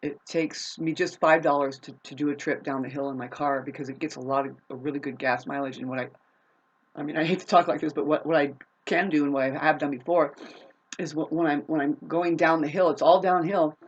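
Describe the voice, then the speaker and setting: A woman ranting to camera in a profane, rambling, confrontational way, swinging between loud outbursts and low muttering. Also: fairly even intonation, fairly quick, breathy edge, muffled recording. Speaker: vlogger. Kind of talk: unscripted rant to camera.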